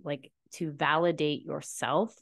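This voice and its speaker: A young woman with a stuffy cold and low energy, talking to camera in a slow, reflective personal monologue with many fillers, seated indoors in a chair. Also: fairly even intonation, vocal fry, no room sound, studio quality. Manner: slow, slumped, soft-spoken musing with many fillers. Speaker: podcast host and tarot reader.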